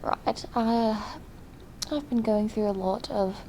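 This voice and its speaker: A young woman playing an earnest, lonely diarist in a video diary, speaking hesitantly and softly, often slipping into whispers. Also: fairly high pitch, slow pace, a little hiss or hum, rough recording. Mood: confiding. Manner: hesitant and soft-spoken, drifting into whispers. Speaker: diary vlogger character. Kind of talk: in-character diary vlog.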